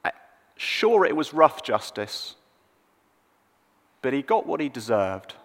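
Expressive male preacher in a reverberant hall. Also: medium pitch, takes it slowly. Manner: expressive storytelling, dropping soft on sad moments. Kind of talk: sermon.

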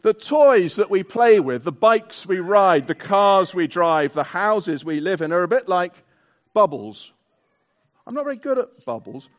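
A male preacher speaks to a congregation in a church hall with tiered seating. His voice sits high and swings widely in pitch. He takes his time, slowing down and stretching out the words he wants to land. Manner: animated, drawn-out emphasis on key words, leads the congregation in actions. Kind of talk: all-age Christmas sermon.

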